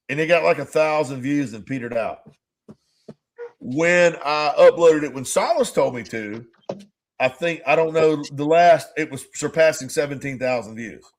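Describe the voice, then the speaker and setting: A man co-hosting a casual podcast chat, rambling through stories, acting out both sides of conversations and swearing freely. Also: on the high side. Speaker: podcast co-host.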